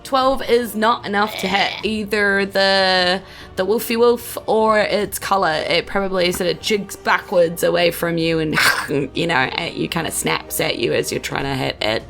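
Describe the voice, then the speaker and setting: New Zealand woman, game master, rambling narration, fry in the voice, low-ish. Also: fairly even intonation, a little slow, fairly bright tone. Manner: loose, rambling narration with many fillers and laughs.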